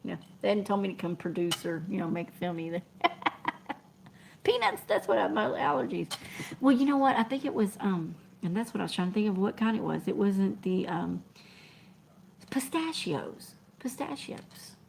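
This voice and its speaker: Woman, middle-aged, livestream host, scattered casual chat, gravelly, faint background noise. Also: mid-range voice, animated, a little fast, a little mellow. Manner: scattered, chatty, laughs often, reads comments aloud. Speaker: livestream host chatting with viewers.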